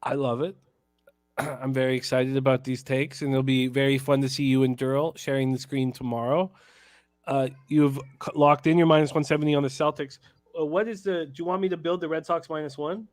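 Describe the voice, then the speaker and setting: A man's voice: mid-range voice, fairly even intonation, a little fast, no room sound, studio quality. A man hosting a sports betting radio show, upbeat, plugging upcoming shows and greeting listeners by name. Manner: upbeat, plugs shows, reads chat names. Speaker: host.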